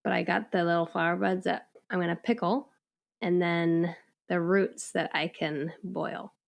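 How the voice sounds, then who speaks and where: A woman in her thirties co-hosting a podcast, upbeat and quick to laugh as she chats. Her voice often drops into a gravelly vocal fry. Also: lowish voice, steady tone. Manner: upbeat, giggly. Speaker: podcast co-host. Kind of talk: casual chat.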